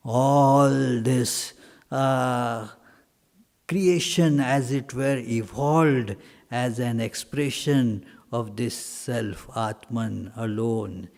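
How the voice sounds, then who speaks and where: Slow, halting monk in a reverberant hall. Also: male voice, medium pitch, a little mellow. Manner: halting, many pauses and fillers, emphatic repetition. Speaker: monk teaching at a retreat. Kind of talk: question-and-answer teaching.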